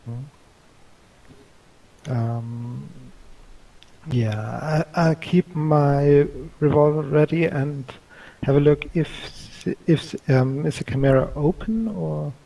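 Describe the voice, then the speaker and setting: Slow, husky, gravelly man. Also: on the high side, warm tone, low-quality recording. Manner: hesitant, with many fillers. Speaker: player. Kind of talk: casual tabletop game play.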